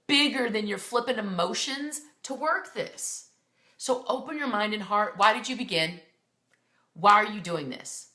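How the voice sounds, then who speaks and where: A woman's voice: mid-range voice, moderate pace, bright, forceful tone, roomy sound. A woman in her thirties, a fitness coach leading her team, giving a fervent, blunt motivational pep talk on a team call.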